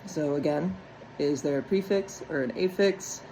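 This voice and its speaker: Woman teacher, phonics lesson, step-by-step, mellow voice, faint background hum. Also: low voice, normal speed, low-quality recording. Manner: patient, step-by-step, checks in with "right?".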